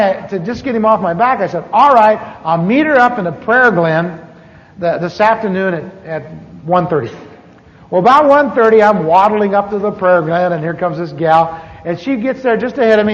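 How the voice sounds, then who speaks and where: A man, a preacher, telling a personal testimony in a conversational sermon, with halting restarts. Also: sits high. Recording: echoey hall, dull lo-fi tape.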